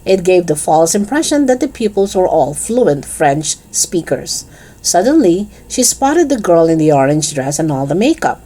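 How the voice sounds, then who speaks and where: A woman reading a children's chapter book aloud in an expressive, lively storytelling manner. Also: lowish voice, moderate pace.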